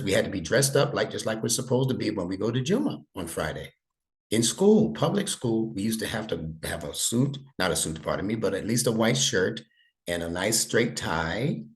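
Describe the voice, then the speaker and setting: A middle-aged man tutoring a young student one-on-one, explaining patiently step by step and checking that he is understood. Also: sits low. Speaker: Arabic instructor and imam.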